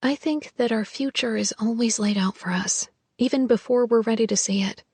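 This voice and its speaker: A woman narrating a first-person romance audiobook in a soft, hushed, intimate way. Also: fairly high pitch, normal speed, slightly rough, dry recording.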